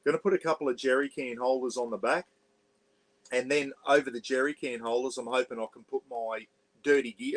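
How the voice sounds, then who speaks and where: This is a rough recording of a mid-range male voice. The speaker, an Australian vlog host, chats casually and at length on a livestream from inside his parked caravan, frequently using the word "bloody."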